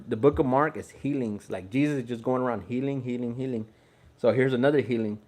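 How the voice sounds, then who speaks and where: A man's voice: mid-range voice, darkish tone. A man from Texas, reading the Bible aloud in a laid-back, chatty way and explaining it as he goes. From Houston, Texas. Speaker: Bible reader. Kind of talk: casual Bible reading with commentary.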